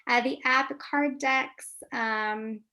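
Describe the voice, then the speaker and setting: Gravelly-voiced woman therapist giving advice. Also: high voice, fairly even intonation, very slow. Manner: warm, coaching, asks if answers helped. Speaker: licensed marriage and family therapist, webinar guest. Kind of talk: advice in a live webinar Q&A.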